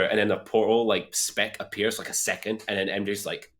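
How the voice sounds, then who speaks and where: A man co-hosting a casual podcast, excitedly retelling a movie scene with plenty of swearing. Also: on the low side, moderate pace, slight background noise. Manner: animated, excitable storyteller who swears freely. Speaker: podcast co-host. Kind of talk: casual film discussion.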